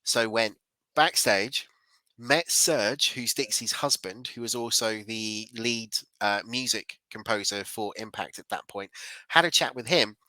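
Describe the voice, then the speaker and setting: A man's voice: fairly low pitch, measured pace, bright, forceful tone, no echo, rough recording. A man in his forties hosting a podcast, reading news and chatting in an upbeat, self-deprecating way. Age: 40s. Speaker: podcast host. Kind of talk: casual chat and news reading.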